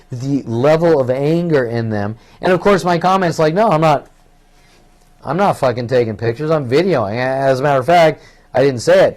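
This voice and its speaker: A man's voice: on the high side, a little mellow. Agitated man in a rambling monologue. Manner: agitated, profane, repetitive. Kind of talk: rambling solo monologue to camera.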